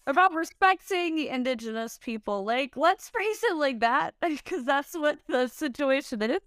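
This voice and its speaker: A woman's voice: high voice, animated, measured pace, fairly bright tone, no echo, studio quality. A woman co-hosting a casual podcast, dropping wry interjections and laughing through her lines. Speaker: podcast co-host.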